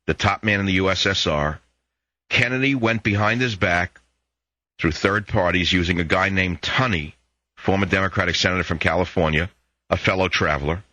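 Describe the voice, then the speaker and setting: A man's voice: fairly low pitch, bright, forceful tone, no room sound. An older man hosting a political talk radio show, lecturing listeners in a combative monologue and telling jokes.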